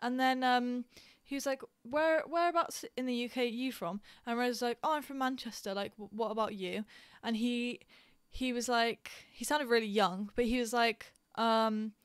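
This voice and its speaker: A young woman from England chats casually while streaming a game, giggling often and filling her stories with "like" and "um." Her voice sits a touch high, and the recording is dry and close with no room sound. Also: fairly even intonation, normal speed, clean tone, no room sound. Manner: chatty, giggly, storytelling with many fillers. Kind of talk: casual chat while gaming.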